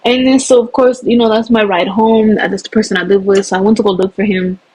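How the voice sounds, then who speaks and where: A woman telling her own story in an emotional, animated way, acting out the voices of others. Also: mid-range voice, fairly quick, slightly rough, rough recording. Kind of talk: personal storytelling.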